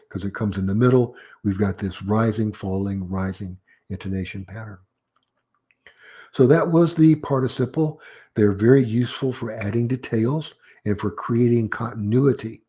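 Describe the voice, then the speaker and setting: A middle-aged man teaching a recorded grammar lesson, explaining step by step and reading example sentences aloud with careful pauses. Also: fairly low pitch, dark tone. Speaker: writing teacher.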